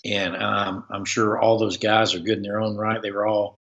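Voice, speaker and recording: Man, low voice, bright forceful tone, rambling live-stream chat, dull lo-fi audio. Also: flat delivery, moderate pace. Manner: rambling, full of fillers and restarts. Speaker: sports reporter hosting a live stream.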